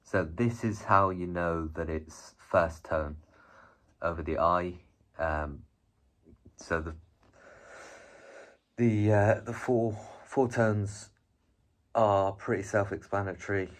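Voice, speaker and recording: Man, very low voice, casual video lesson, chatty, rambling, frequent ums. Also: slow, pauses often, fairly bright tone. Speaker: video presenter teaching Chinese.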